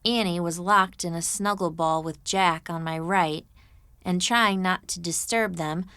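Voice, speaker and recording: A woman narrating an audiobook in the first person, in a measured, even manner into a studio microphone. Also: fairly low pitch, clear, resonant tone, dry recording.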